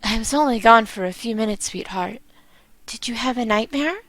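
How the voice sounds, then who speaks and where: A woman voicing a worried young mother who soothes her sick child in a gentle, tender way while reading game dialogue aloud. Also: fairly high pitch, moderate pace, no echo, lightly acted.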